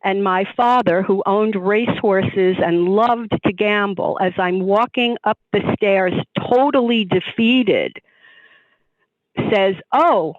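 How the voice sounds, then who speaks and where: A woman guest telling a personal story in an animated way, acting out the voices of people she quotes. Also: medium pitch, takes it slowly, no room sound. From New York. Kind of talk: storytelling interview. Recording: tinny phone-like line, dry.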